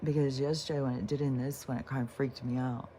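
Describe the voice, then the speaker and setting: With a bass voice that's mellow and fairly even in intonation, a woman talks over a faint hiss or hum. She is a spiritual vlogger chatting casually and without a script about healing and letting go at an unhurried pace, meandering, cursing offhandedly, and repeatedly restarting sentences.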